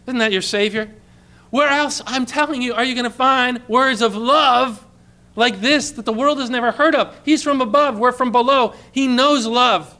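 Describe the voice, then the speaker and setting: A man preaching a sermon, emphatic, repeating key phrases and dropping to a hush for quoted lines. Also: extremely high pitch, normal speed.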